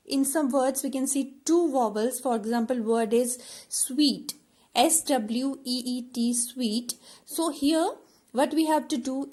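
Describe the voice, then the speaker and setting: A woman teacher, slowly explaining a classroom activity with many fillers and repeated words. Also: on the high side, a little mellow.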